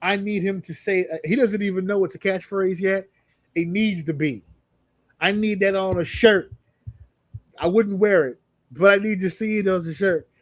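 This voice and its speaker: A man co-hosting a casual podcast chat, telling stories with lively acted-out quotes. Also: sits high, normal speed, dry recording. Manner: animated storyteller who acts out wrestlers' lines. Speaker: podcast co-host.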